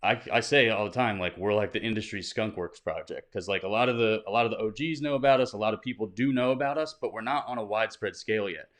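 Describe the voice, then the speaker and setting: Low-voiced man hosting a casual livestream. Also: fast, hardly any pauses, fairly bright tone. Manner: conversational, reads out viewer questions and answers off the cuff with fillers; upbeat greeting viewers by name. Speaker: host of a weekly crypto livestream.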